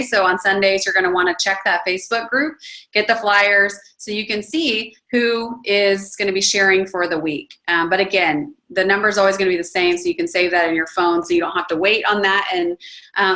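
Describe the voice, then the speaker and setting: A woman's voice: mid-range voice, bright, forceful tone. A woman hosting a casual team call, talking loosely with frequent ums. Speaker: call host.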